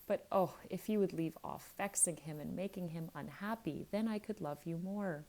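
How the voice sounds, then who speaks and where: Earnest little girl begging her brother to be kind, read by a woman with a low gravelly voice. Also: moderate pace, warm tone, natural voice, rough recording. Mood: pleading. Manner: earnest, pleading. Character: earnest young girl, loving and pleading.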